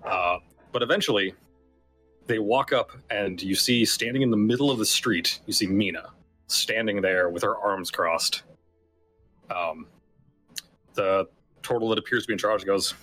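Guy dm narrating a tabletop game, kinda low voice, bright tone, lots of ums, faint music behind. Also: moderate pace, long pauses, low-quality recording. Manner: casual, many fillers and restarts. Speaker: game master.

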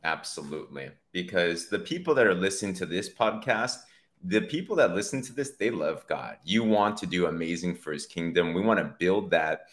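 Low-voiced male podcast host. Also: expressive, moderate pace. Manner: affirming, frequent murmured agreement. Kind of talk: casual faith-based interview talk.

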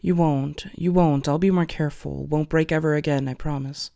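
A man voicing a gentle, devoted young male hero who speaks in a soft, soothing, hushed way. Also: fairly high pitch, fairly even intonation, moderate pace, vocal fry. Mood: tender.

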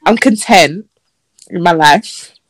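A woman's voice: slow, slightly rough, no room sound. Chatty woman, dry close mic. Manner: chatty and storytelling, acts out messages in a mocking high voice. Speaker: podcast co-host. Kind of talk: casual chat.

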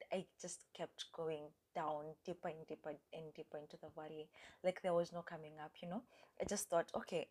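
A young woman hosting a podcast, telling her personal faith story in an earnest, reflective way, with fillers and at times dropping almost to a whisper. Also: fairly low pitch. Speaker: podcast host. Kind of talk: personal faith testimony, casual talk.

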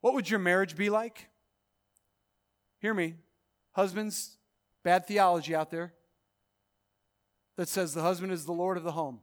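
A man preaching a sermon as pastor. He swings from loud, drawn-out proclamations to hushed, quiet lines, with bursts of rapid exhortation. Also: high voice, steady tone.

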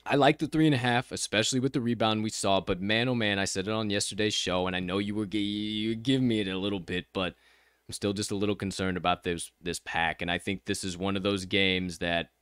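Joking man with a low, smooth voice. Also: steady tone, brisk, fairly bright tone, dry recording, clean studio sound. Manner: joking, profane, playful drawl. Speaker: podcast co-host. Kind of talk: casual sports betting chat.

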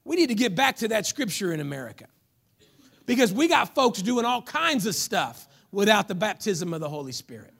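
A man preaching a sermon as pastor, animated and telling stories, now and then rising to a shout. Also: high voice, normal speed, creaky. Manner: animated, storytelling, breaks into shouts.

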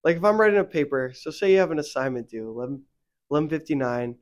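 On the high side and quick-paced, a young man co-hosts a faith podcast in a casual, rambling manner. Fillers crowd his speech, and he becomes animated and heated when venting.

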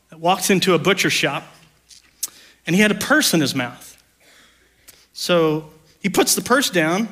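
A man preaching a sermon as the pastor, conversational and joking, slowing down to read scripture aloud. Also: high voice, fairly bright tone.

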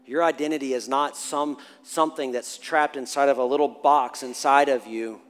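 A man's voice: mid-range voice, moderate pace, clear, resonant tone. Preaching man in a reverberant hall. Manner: animated, swings from hushed to loud laughing. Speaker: pastor. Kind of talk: sermon with a personal story. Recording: long hall reverb with faint music.

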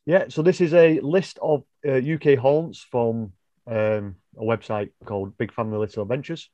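A man's voice: mid-range voice, steady tone, normal speed, dark tone, no room sound, muffled recording. A man co-hosting a casual podcast over a video call, rambling and correcting himself as he goes. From United Kingdom. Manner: rambling, self-correcting, apologetic. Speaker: podcast co-host.

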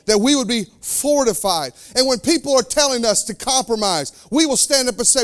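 A man preaching a sermon as pastor, with fervent delivery that swings between loud declarations and quiet, slowed asides. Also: very high voice, lively intonation.

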